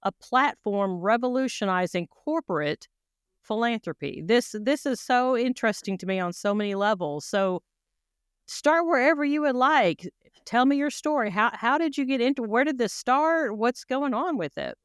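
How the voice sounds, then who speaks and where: A woman hosting an interview, enthusiastic and halting, restarting her sentences as she reacts to her guest. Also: on the high side, lively intonation, clean tone, no echo, clean studio sound. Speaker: podcast host. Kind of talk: conversational interview.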